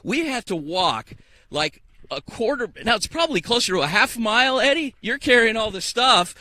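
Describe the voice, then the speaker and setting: A man's voice: very high voice, sing-song, moderate pace, pushed and bright, slight background noise. A man hosting a sports radio show live while speed walking outdoors, out of breath and stumbling over his words into a handheld microphone. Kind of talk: live remote broadcast chat. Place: outdoors walking to a softball field. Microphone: handheld microphone with a portable broadcast unit.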